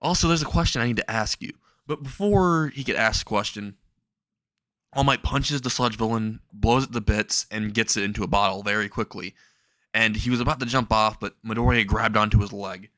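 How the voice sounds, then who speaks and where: A man's voice: fairly low pitch, a little fast, bright, forceful tone, no room sound. A man casually narrating a made-up fan story, rambling with restarts and small chuckles.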